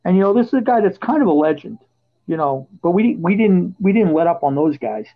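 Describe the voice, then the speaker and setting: A high-voiced man hosts a podcast in a casual storytelling chat, turning animated and loud whenever he quotes his own shouting. The audio is dull and lo-fi. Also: a little fast. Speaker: podcast host.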